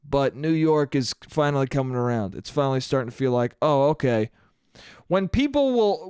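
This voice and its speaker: A young man telling stories on his solo podcast, swearing freely and laughing at himself, in a slightly high, smooth and clear voice. The close mic gives a dry sound. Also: no room sound. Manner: animated, profane, self-mocking. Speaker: podcast host. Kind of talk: solo comedic storytelling.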